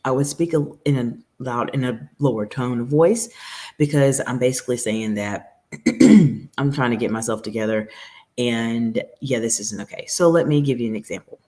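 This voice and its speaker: A woman's voice: very deep voice, normal speed, mellow. A woman coaching professional women on communication, speaking straight to her viewers in an earnest, advisory way. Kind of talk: direct-to-camera coaching talk.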